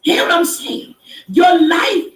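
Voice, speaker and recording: A woman preaching encouragement on a live stream in a high voice, hammering points home with repetition and sudden shouted lines. She sounds a little away from the mic in an echoey room. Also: sing-song, slow pace, distant mic. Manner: emphatic, repeating, rising to shouts. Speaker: inspirational live-stream host. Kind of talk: preaching-style motivational talk.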